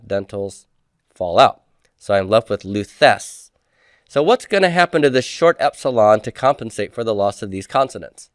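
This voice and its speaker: A man with a low, smooth voice teaches a lesson. He asks his class questions, answers them himself and drills word forms aloud, recorded dry and close with no room sound. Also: dry recording. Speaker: Greek teacher. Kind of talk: recorded lecture.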